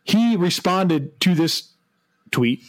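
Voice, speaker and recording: A man's voice: high-pitched, expressive, slow. A man co-hosting a casual sports podcast, chatting about football with frequent laughter and hesitant restarts. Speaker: podcast co-host.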